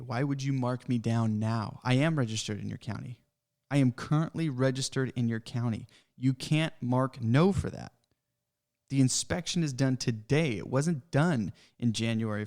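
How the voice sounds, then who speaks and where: A frustrated man hosting a casual podcast, ranting about red tape in a heated, worked-up way. His voice sits at an ordinary middle pitch for a man. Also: a little mellow. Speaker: pest control business owner, podcast host.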